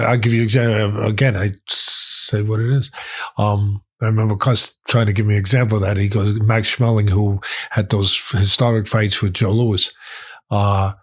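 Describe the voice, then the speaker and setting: Middle-aged New man, husky and low-pitched, tells stories emphatically and repeats lines for effect. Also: level tone, normal speed. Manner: emphatic, repeats phrases for weight. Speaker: guest, boxing trainer and commentator. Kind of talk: storytelling in conversation.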